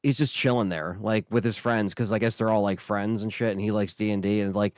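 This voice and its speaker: A man's voice: fairly low pitch, fairly even intonation, fairly quick, clean tone, no echo, studio quality. A man co-hosting a casual gaming podcast, easygoing and hesitant, often restarting his sentences. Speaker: podcast co-host.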